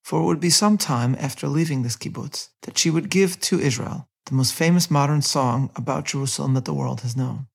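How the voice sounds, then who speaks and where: A man hosting a podcast, reading a measured scripted narration and quoting passages aloud. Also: mid-range voice, vocal fry, husky. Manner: measured, reads quotes aloud with light character inflection. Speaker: podcast host.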